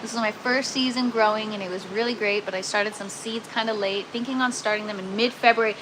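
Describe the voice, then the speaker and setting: A woman's voice: medium pitch, steady tone, fast talker, fairly bright tone, slight background noise, low-quality recording. A woman hosting a casual gardening live stream from an indoor grow tent, chatting with viewers and using lots of ums and "you guys.".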